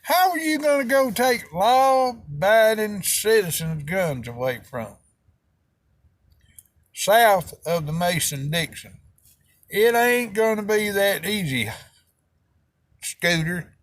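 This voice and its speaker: Man, Southern American accent, middle-aged, heated folksy rant, raised pitch, dry close sound. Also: lively intonation, takes it slowly, long pauses, no echo. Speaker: video host. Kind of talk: opinion rant to camera.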